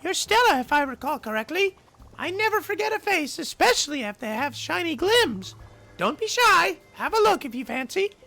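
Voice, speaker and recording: Brief: male streamer voicing a gravelly, high-pitched creature trader in a game, pushy and wheedling. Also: very animated, moderate pace, pushed and bright, full character voice. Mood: coaxing. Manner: coaxing sales patter.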